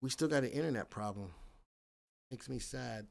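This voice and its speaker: A man hosting a casual live stream about the stock market, thinking aloud and answering viewers by name, getting loud and excited when he reacts to the chat. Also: mid-range voice, moderate pace, gravelly.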